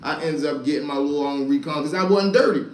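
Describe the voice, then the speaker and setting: Animated profane man telling street stories. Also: a little high, quick pace, echoey room. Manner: animated, profane, addresses listeners as y'all. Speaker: storyteller and stream host. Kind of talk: casual street storytelling to a live chat.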